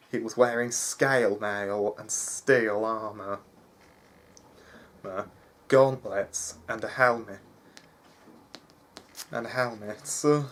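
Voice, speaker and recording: A man reading a fantasy story aloud in a halting way, with frequent restarts. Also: fairly low pitch, a bit bright. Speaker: narrator.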